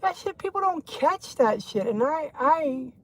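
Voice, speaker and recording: A woman's voice: high voice, lively intonation, a little slow, dry recording, rough recording. A woman gossiping on a casual livestream from her car, swearing and rambling as she drives. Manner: profane, rambling, laughing. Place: inside a car, driving. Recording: road noise behind.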